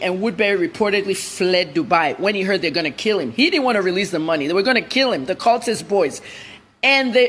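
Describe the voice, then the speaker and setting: A woman's voice: medium pitch, slightly rough. A woman journalist answering interview questions in a blunt, emphatic way.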